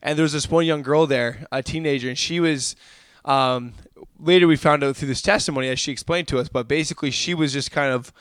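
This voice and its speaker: A man's voice: fairly high pitch, fairly quick, fairly bright tone, clear, resonant tone, no room sound, studio quality. A young adult man preaching a sermon, fervent and calling his listeners "guys".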